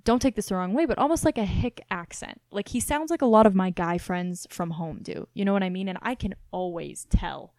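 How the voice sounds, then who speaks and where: Young woman, faint Midwestern twang, chatty, lots of "like", dry close mic, mid pitch. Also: fairly quick, few pauses, dry recording. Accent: faint Southern Midwestern twang. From Missouri. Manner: chatty, many fillers, animated. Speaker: podcast co-host. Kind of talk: casual chat.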